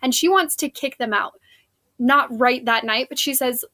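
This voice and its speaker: A woman's voice: high-pitched, moderate pace, bright, forceful tone. A woman teacher giving a casual, chatty recap of a play scene, filling her talk with "like" and "um.". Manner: chatty, lots of "like" and "um". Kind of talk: casual spoken lesson recap.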